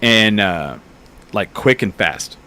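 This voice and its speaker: A man in his thirties hosting a podcast, telling bar-fight stories in a casual, profane, animated way. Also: lowish voice, slow pace. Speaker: podcast host. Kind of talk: casual storytelling chat.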